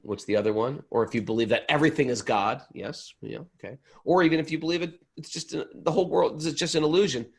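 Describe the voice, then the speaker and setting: A man with a gravelly, slightly husky voice leads a relaxed scripture class. He talks in an animated, joking way and now and then acts out quick little voices. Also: a little high. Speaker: spiritual teacher.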